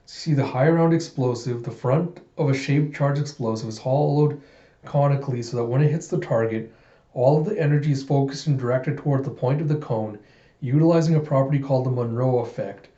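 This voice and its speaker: Brief: man, casual comic readthrough, mellow voice, roomy slightly muffled recording. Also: mid-range voice, brisk. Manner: casual, excitable, laughs often. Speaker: comic reader.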